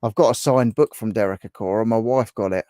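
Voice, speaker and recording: A fairly low-voiced man hosts a relaxed livestream from home, chatting loosely and laughing often. The sound is dry and close, with no room echo. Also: fairly quick. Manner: chatty, laughs often, reads viewer comments aloud. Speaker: livestream host. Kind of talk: casual livestream chat reading comments.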